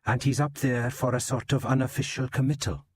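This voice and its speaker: A man's voice: medium pitch, fairly even intonation, a little fast, breathy edge, dry recording, voice pushed up, natural voice. A man voicing a sardonic Welsh police inspector with a Welsh accent, dry and teasing. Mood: wary.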